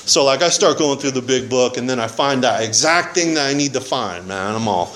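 A man's voice: medium pitch, expressive, brisk, hardly any pauses, crowd noise. A man telling his recovery story at a meeting in a casual, rambling, slangy way, often saying man and dude. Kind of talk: casual personal testimony.

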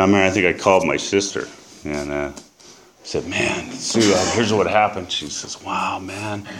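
A middle-aged man in recovery, telling an emotional personal story in a halting way with many fillers. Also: sits low, a bit bright, a little hiss or hum. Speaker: recovery speaker. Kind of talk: personal testimony.

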